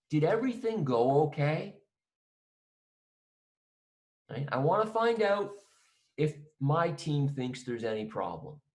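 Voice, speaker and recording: A man teaching an accounting lesson in a conversational way, acting out both sides of a phone call with a client. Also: on the high side.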